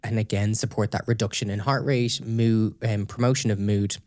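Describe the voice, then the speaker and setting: A man co-hosting a podcast, calmly talking through research findings in casual chat and checking in with his listener. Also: lowish voice, normal speed, no room sound, studio quality. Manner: explains steadily, checks in with "okay?". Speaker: podcast co-host presenting research.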